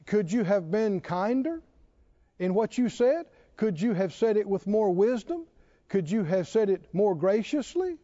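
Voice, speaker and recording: Male preacher, high lively voice that climbs and dips, muffled lo-fi sermon recording, fires rhetorical questions at the room. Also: measured pace. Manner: asks the congregation pointed rhetorical questions.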